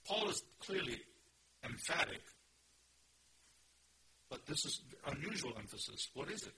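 A man preaching an expository sermon, emphatic, with sudden rises in pitch and loudness. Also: big pitch swings, unhurried, long pauses, husky. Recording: noisy recording.

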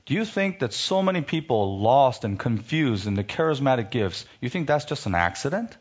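A man preaching a sermon, reading scripture and rising sharply in pitch when he rebukes, then dropping low for emphasis. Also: big pitch swings, normal speed, dull audio.

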